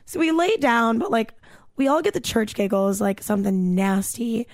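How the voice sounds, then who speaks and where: Chatty young woman telling a story. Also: a little high. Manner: animated, fast storytelling with lots of "like" and swearing. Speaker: podcast co-host telling a story. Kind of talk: casual storytelling chat.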